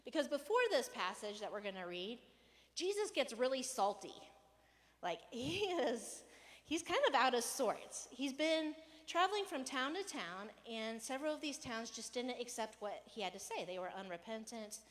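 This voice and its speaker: A woman pastor giving a casual, conversational sermon, animated and playful, sometimes raising her voice to act out a rant. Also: fairly high pitch, moderate pace, big-room sound. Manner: conversational, animated, acts out rants with raised voice. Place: church hall.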